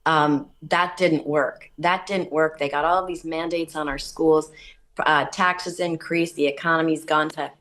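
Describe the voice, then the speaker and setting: Female politician guest, chatty storyteller, somewhat low voice. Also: steady tone, measured pace, a bit bright. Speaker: state senator, guest. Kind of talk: casual radio interview.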